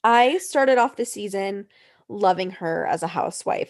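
A woman's voice: mid-range voice, animated, measured pace. A woman co-hosting a casual chat, ranting heatedly and profanely with mocking quotes.

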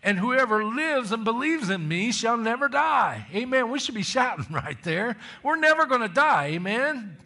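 A man preaching a sermon in a high, bright voice. He reads scripture aloud and drives it home with emphatic questions and calls for amens. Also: sing-song, moderate pace, hardly any pauses.

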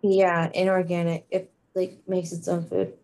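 A woman's voice: lowish voice, little pitch movement, unhurried, a little mellow, poor audio. A woman co-hosting a casual quiz chat, playful and teasing, boasting about her answers. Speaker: co-host.

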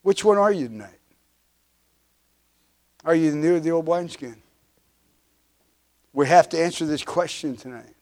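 Preaching animatedly at a moderate pace, this fifty-something pastor has a slightly high voice for a man and pauses often. His sermon leans on emphatic, repeated refrains that rise and fall in loudness, broken up by frequent restarts and filler uhs.

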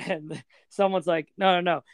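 A young American man, a podcast guest, telling stories in a relaxed, rambling way with lots of fillers. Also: high voice, a little slow, clear, resonant tone, dry recording. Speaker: podcast guest, floorball player. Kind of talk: casual storytelling.

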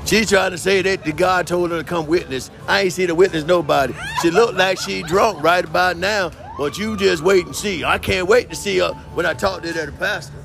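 A man puts on a loud, cocky street character for a comedy sketch, boasting and bristling with slang. The voice rides a little high and carries a heavy gravelly fry. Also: brisk, few pauses, over music. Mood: incredulous.

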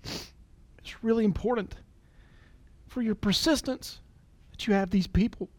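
A man in his forties giving an earnest, emotional motivational talk, at times dropping to a soft near-whisper. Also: sits high, normal speed, no echo. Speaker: business leader and motivational speaker.

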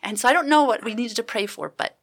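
A woman guest giving an earnest personal testimony in an interview, halting with many restarts. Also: on the high side.

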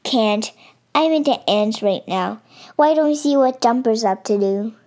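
A woman's voice: a little high, expressive, a little slow, darkish tone. Eager little animal boy, as a woman puts him on. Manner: enthusiastic. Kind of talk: storybook voice.

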